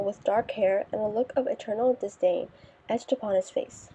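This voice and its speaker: A woman narrating a first-person audiobook in a wry, deadpan manner. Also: mid-range voice, breathy edge. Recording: dull lo-fi recording.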